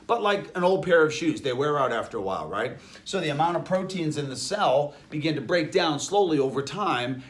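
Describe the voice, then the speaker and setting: High-voiced Boston man lecturing. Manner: emphatic, rhetorical questions. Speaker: health lecturer. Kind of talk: lecture to an audience.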